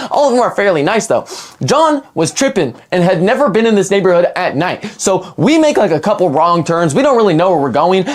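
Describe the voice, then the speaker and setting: Young guy rambling thru a storytime, voice bouncing all over, lots of "like". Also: high voice. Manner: animated and rambling, heavy on "like". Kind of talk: casual storytime.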